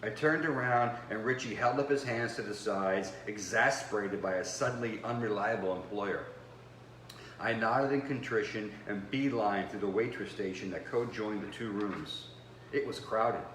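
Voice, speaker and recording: A man's voice: on the low side, a bit bright, slight background noise. Man reading noir in an echoey room. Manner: measured, first-person storytelling. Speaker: author and host. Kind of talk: reading aloud from his own noir novel. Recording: roomy with faint background ambience.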